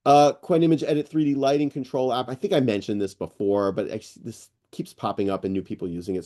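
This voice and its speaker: A middle-aged man hosting an online AI news session, rambling and excitable, with lots of fillers and restarts. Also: fairly low pitch. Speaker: host presenting AI news. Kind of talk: casual screen-share walkthrough on a live call.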